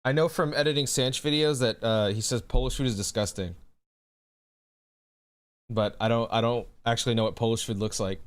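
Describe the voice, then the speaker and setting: A man's voice: mid-range voice, steady tone, moderate pace, long pauses. A man streaming live who chats casually with his audience in a laid-back way, swearing often and calling people bro.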